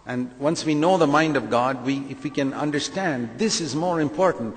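Brief: a male preacher with a mid-range voice, emphatic sermon delivery, long reverb from a big hall. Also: medium pitch. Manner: emphatic, rhetorical questions, acts out quoted voices.

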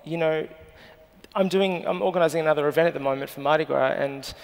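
This Australian journalist in his thirties talks fast in a high, gravelly voice. Guesting in a live interview on a festival stage with long hall reverb, he speaks with earnest emotion.

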